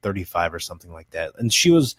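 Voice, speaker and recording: A man's voice: deep voice, sing-song, fast talker, dry recording, studio quality. A man in his twenties, a podcast co-host chatting casually, rambling through stories, swearing freely and laughing at himself. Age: 20s. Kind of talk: casual chat.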